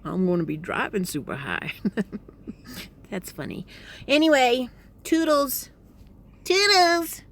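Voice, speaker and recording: Woman, casual travel vlog, chatty, rambling, joking, slightly low voice, phone camera. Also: sing-song, a little slow, long pauses, breathy edge. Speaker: travel vlogger. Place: in a car.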